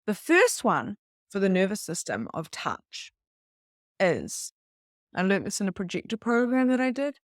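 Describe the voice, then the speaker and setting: A woman's voice: mid-range voice, big pitch swings, measured pace, no room sound, clean studio sound. A middle-aged woman, earnestly teaching a wellness session in a conversational way, sometimes acting out little stories. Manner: earnest, conversational, with acted-out anecdotes. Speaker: spiritual coach.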